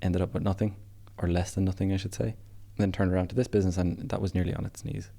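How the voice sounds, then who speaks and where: Male podcast guest, very deep and monotone, matter-of-fact delivery. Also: fast talker, gravelly. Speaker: podcast guest, business founder. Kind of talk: casual podcast interview.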